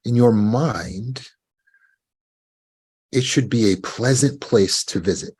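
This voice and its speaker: A man giving a measured motivational talk on recovery, often asking the listener rhetorical questions. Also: medium pitch, darkish tone, husky. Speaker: self-help speaker.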